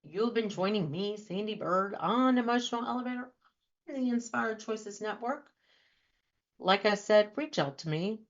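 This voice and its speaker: A woman's voice: medium pitch, expressive, normal speed. A woman hosting a radio talk show as a trauma and life coach, talking earnestly and asking many rhetorical questions. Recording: dull lo-fi audio.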